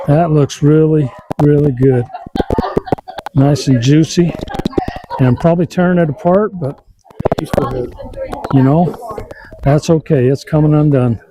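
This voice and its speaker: A man hosting an outdoor cooking vlog, talking in a relaxed, folksy way while he works on a windy campsite. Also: a little high. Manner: relaxed, folksy, thinking aloud. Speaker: cooking channel host. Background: wind noise.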